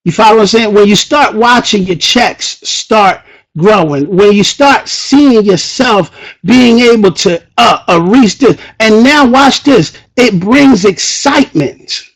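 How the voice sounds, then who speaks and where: A man giving a fiery motivational speech to an audience, preacher-like, firing repeated rhetorical questions and breaking into shouts. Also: high voice, lively intonation, measured pace, rough recording. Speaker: motivational speaker at a sales event.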